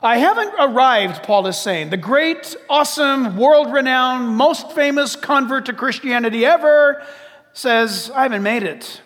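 A man's voice: extremely high pitch, lively intonation, unhurried, a bit bright, long reverb tail. A man preaching a sermon in a large church, emphatic, firing rhetorical questions and often breaking in with "listen". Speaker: pastor.

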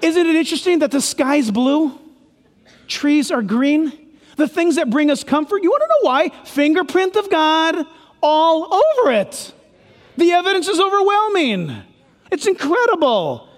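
A man's voice: very high-pitched, very animated, moderate pace, big-room sound. A male pastor preaching a sermon, emphatic and full of rhetorical questions.

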